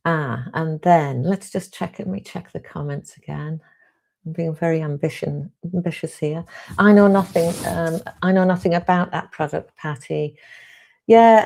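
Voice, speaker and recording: Low-pitched British woman hosting a relaxed live Q&A, rambling and friendly in tone. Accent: British English. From United Kingdom. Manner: chatty and rambling, with frequent ums and restarts. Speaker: host of a live Q&A stream. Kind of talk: casual live-stream chat, reading viewer comments.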